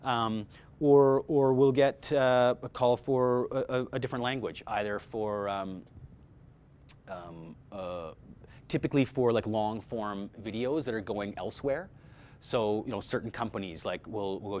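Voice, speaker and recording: A man's voice: fairly low pitch, normal speed, darkish tone, a little hiss or hum. A middle-aged man gives a workshop talk to actors on voice-over work. He talks with energy, often restarts his sentences, and speaks straight to the group in a room with a small live audience.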